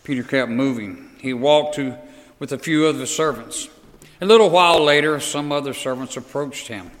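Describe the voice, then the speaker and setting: A man reading scripture aloud with a measured, clear delivery. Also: medium pitch, long reverb tail. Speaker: scripture reader.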